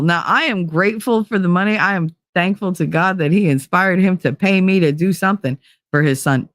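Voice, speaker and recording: A woman's voice: lowish voice, a little fast, no echo. A woman hosting her own stream, telling a story casually, swearing freely and acting out what people said. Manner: animated, swears freely, acts out quotes. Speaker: stream host.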